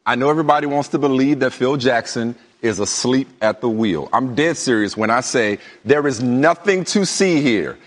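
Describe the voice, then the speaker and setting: A man co-hosting a sports talk show, arguing his point in a playful, teasing way with slow, stretched-out emphasis. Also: mid-range voice, animated, big-room sound. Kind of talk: lively studio sports debate.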